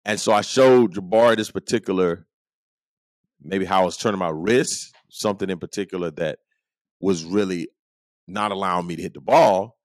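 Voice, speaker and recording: A man hosting a casual talk show, telling stories in an animated way and acting out his friends' lines with quick laughs. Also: low-pitched, no room sound. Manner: animated, acts out quoted friends, chuckles often. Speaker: podcast host. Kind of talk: casual storytelling monologue.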